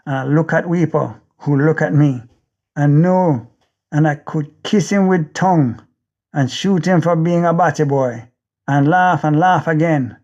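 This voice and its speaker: A man's voice: on the high side, a little slow, darkish tone, muffled recording. A man with a Jamaican accent narrating an audiobook in the first person, intense and rhythmic, with driving repetition.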